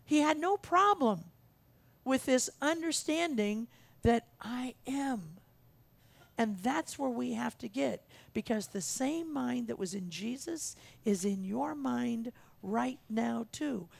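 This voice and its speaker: A woman's voice: a little high, expressive, takes it slowly, vocal fry. A woman minister preaching a sermon in an earnest, emphatic way, repeating her key phrases for weight. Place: church sanctuary.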